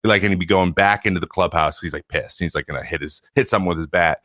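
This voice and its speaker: A man chatting casually on a podcast, an animated storyteller who mimics his teammates and plays with words. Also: deep voice, quick pace. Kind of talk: casual chat.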